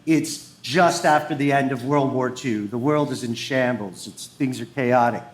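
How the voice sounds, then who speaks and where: A man's voice: mid-range voice, normal speed. A man co-hosting a podcast, telling a story before a live audience in a dramatic, suspense-building way. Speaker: podcast co-host. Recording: roomy live venue.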